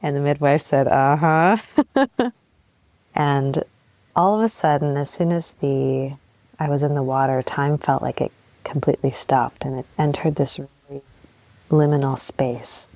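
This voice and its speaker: Young woman, low voice, dry close mic, candid storytelling podcast, swears and laughs at herself. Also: steady tone, moderate pace, mellow, no echo. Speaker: podcast host. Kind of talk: personal storytelling monologue.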